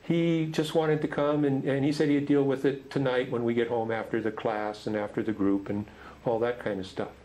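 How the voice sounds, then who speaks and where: A middle-aged man leading a men's group tells a story gently, with halting restarts. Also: mid-range voice, little pitch movement, poor audio. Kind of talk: storytelling talk.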